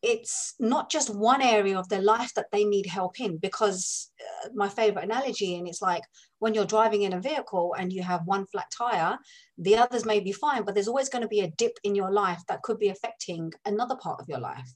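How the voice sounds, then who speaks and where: A woman's voice: medium pitch, a little fast. Chatty London woman coach. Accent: London English. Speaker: business coach, podcast guest. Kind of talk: conversational interview.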